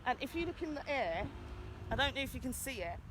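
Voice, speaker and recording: A woman's voice: sits high, sing-song, fast talker, noisy background. A British woman giving an urgent, impassioned rant in an outdoor vlog, calling out to people passing by. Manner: urgent, exhorting, calls out to passers-by. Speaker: vlogger.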